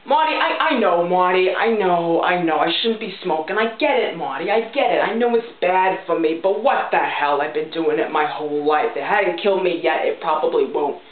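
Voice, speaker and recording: A woman's voice: on the low side, lively intonation, normal speed, few pauses, slight background noise, lightly acted. A woman voicing a brash, foul-mouthed, chain-smoking middle-aged mother, ranting bluntly and punctuating her points with "okay?". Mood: defensive. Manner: blunt, ranting, profane, keeps saying okay. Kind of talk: character vlog monologue. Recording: tinny phone-like sound in an echoey room.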